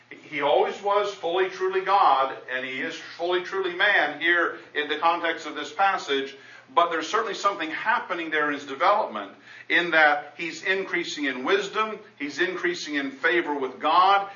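A male preacher teaches a sermon with a bright, forceful voice, talking through scripture conversationally and restarting his sentences. The sound is dull and lo-fi, picked up from far off in a roomy church hall. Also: fairly high pitch.

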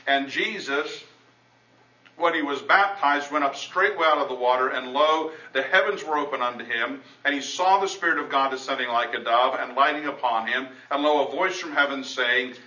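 A man's voice: medium pitch, bright, forceful tone. A man preaching a sermon and teaching from the Bible in a conversational way, breaking off to restart and reading scripture aloud. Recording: roomy, dull sound from a distant mic.

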